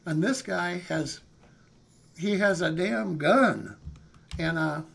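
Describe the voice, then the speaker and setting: A man's voice: high-pitched, slow, vocal fry, a bit bright, slight background noise. A man telling a story casually on a live stream, rambling and checking in with "okay?" and "you know".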